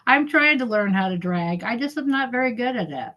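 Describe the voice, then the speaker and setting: A woman's voice: on the high side, lively intonation, fairly quick, lo-fi sound. A middle-aged woman chatting casually on her livestream, heckling and giggling as she reads viewers' comments. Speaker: livestream host.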